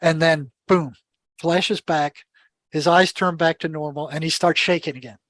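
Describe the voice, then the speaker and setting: A man's voice: on the high side, normal speed, no room sound. An older man, a podcast guest, telling stories with animation, acting out dialogue and often repeating and restarting his words. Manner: animated storyteller who acts out dialogue. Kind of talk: storytelling in an interview.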